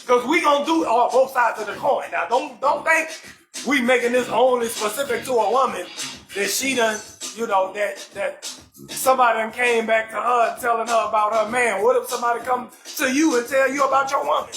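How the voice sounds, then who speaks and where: A man from New Orleans with a New Orleans accent hosting a live comedy talk show, loud and animated, often shouting and cursing as he reads viewer comments. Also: very high voice, fairly quick, roomy sound, soft background music.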